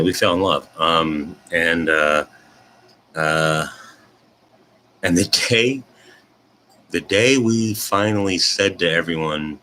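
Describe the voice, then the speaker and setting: Casting: man, fifties, low bright voice, self-deprecating storyteller, faint room hiss. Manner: self-deprecating, animated retelling. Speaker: host. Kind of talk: casual storytelling.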